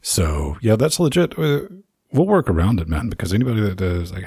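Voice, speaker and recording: Deep raspy guy rambling and joking on a podcast, lots of restarts. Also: big pitch swings, brisk, mellow, no room sound, clean studio sound. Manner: rambling, jokey, many restarts. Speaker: podcast co-host. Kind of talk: casual podcast chat.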